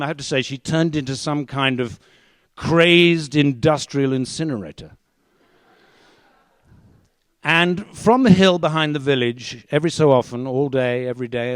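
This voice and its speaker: Male storyteller, mid pitch, dry close sound, wry comic delivery. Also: a bit bright, dry recording. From England. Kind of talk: live storytelling performance.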